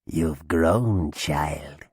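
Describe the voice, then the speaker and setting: Brief: male reader voicing a hungry undead hag from a storybook, croaking, very low and husky, slow menacing drawl. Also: darkish tone, no echo, clean studio sound, full character voice. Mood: suspicious, drawling. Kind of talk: audiobook character voice.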